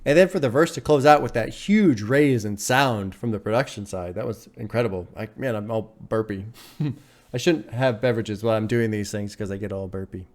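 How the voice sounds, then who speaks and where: A man hosting a music reaction video, talking casually and excitedly, swearing often and breaking into laughs. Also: fairly low pitch, brisk.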